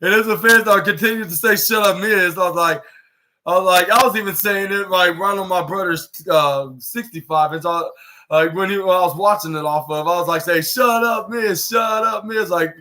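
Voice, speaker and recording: This is a young male podcast host with a high-pitched, brisk, pushed and bright voice. He goes over a wrestling show in a meandering way, starting over again and again and acting out the lines he quotes.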